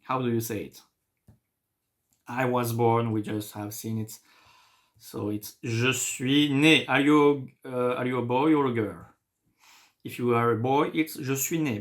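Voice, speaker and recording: A young man with a French accent, a native French speaker explaining a beginner French lesson in English in a lively, encouraging way. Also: mid-range voice. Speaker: French teacher.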